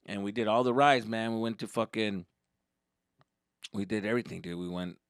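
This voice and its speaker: A young man telling a comic story as a podcast host, profane and animated, jumping into voices. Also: lowish voice, moderate pace, dry recording, studio quality.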